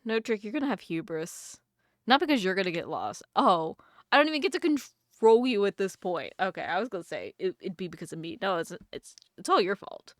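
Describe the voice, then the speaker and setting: A woman's voice: mid-range voice, lively intonation, moderate pace, a bit bright. A young woman giving casual let's-play commentary, joking and mocking herself as she plays. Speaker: gaming YouTuber. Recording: game music playing behind.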